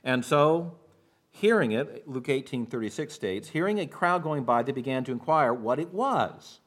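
A man preaching a sermon as pastor, walking through scripture and now and then acting out the shouting of the people in the story. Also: mid-range voice, animated, moderate pace. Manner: expository preaching, acts out shouted quotes.

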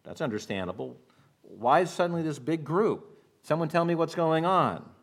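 A man preaching a sermon as pastor, walking through scripture and now and then acting out the shouting of the people in the story. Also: a little high, expressive, normal speed, gravelly. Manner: expository preaching, acts out shouted quotes.

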